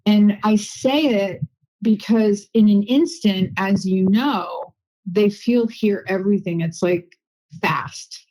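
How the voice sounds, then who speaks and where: A woman guest on a podcast, telling a personal story in a chatty, animated way with lots of asides. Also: medium pitch, slow, rough recording. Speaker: guest medium and intuitive healer. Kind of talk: casual interview storytelling.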